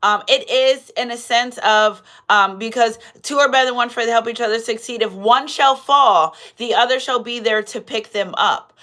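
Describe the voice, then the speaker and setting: A woman's voice: on the high side, normal speed, hardly any pauses, sharp tone. A woman giving a live tarot reading. She preaches, quotes scripture and repeats her phrases. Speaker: tarot reader.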